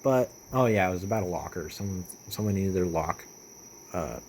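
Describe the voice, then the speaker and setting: A young man talking in a casual vlog monologue, rambling with lots of fillers and swearing, getting animated as he retells stories. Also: low voice, moderate pace, slight background noise. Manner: rambling, profane, with many fillers and restarts. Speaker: vlogger.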